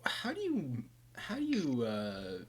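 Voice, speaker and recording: A man's voice: medium pitch, huge pitch swings, slow pace, slight background noise. A man acting as game master, chatting casually and laughing easily before the session starts. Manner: laid-back, laughs easily, loose phrasing.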